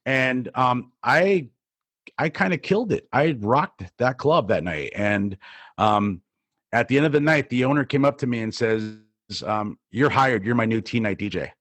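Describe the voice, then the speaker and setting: A man's voice: medium pitch, animated, moderate pace, fairly bright tone, no room sound. A middle-aged man from New Jersey, co-hosting a podcast and telling a rambling story full of fillers and restarts. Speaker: podcast co-host, DJ. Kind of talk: casual storytelling.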